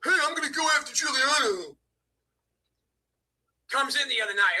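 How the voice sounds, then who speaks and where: A man co-hosting a live stream, yelling and taunting in a repetitive rant. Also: very high voice, lively intonation, moderate pace, far from the mic.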